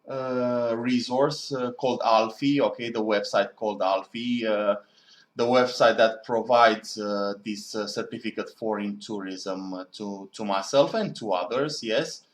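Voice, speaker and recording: A man's voice: medium pitch, takes it slowly. A man talking in a casual, rambling monologue as a student, musing and often correcting himself. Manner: musing, digressive, self-correcting. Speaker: student vlogger. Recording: echoey room.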